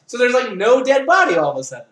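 A young adult speaker telling a meandering, expletive-heavy story in a casual chat, every sentence propped up with "like". The voice sits at a middling pitch. The recording carries a roomy echo. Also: huge pitch swings, fast, fairly bright tone. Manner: rambling storytelling, heavy swearing and "like".

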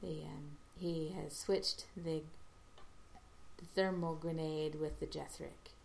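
Woman, low and unhurried, halting casual recap with acted-out quotes. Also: steady tone, gravelly, darkish tone, a little hiss or hum. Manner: halting, restarts, acts out quoted lines. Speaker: episode recapper.

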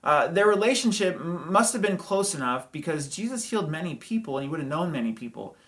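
A pastor walks through a passage in a relaxed, talky sermon. The delivery is full of rhetorical questions and quick asides. The pitch sits at a middle height. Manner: conversational preaching with hedges, rhetorical questions and chuckles.

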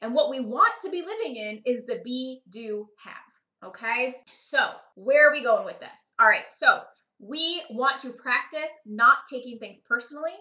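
A woman with a high, bright voice hosts a podcast, explaining ideas in a lively, conversational way. She keeps checking in with her listeners as she talks. The sound rings with the echo of the room. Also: normal speed. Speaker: podcast host. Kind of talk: podcast teaching talk.

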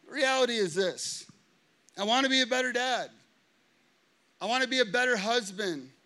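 High, bright-voiced preacher man. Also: normal speed. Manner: animated storytelling, acting out quotes. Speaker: pastor. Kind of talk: sermon.

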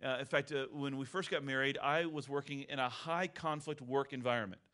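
A man's voice: mid-range voice, fairly even intonation, brisk, sharp tone. A middle-aged man and pastor preaching a sermon in a candid, conversational storytelling way.

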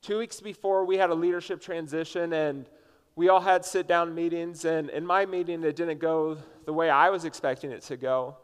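A man's voice: on the high side, fairly even intonation, moderate pace, clear, resonant tone. A man from Indiana preaching a conversational sermon as a pastor, telling a personal story in a casual way with frequent "like" fillers. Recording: long reverb from a large hall.

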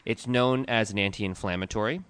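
A man's voice: fairly low pitch, normal speed, fairly bright tone, clear, resonant tone. A man co-hosting a casual podcast chat, steadily explaining the uses of an herbal tea and listing its properties. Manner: explanatory, lists facts steadily. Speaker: podcast co-host, tea shop owner.

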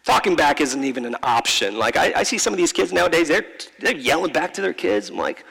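A man preaching a sermon, telling a personal story in a heartfelt, halting way, often repeating words and slowing down for emphasis. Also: a little high, lively intonation, vocal fry, fairly bright tone, husky, long reverb tail, rough recording. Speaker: pastor. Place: large church.

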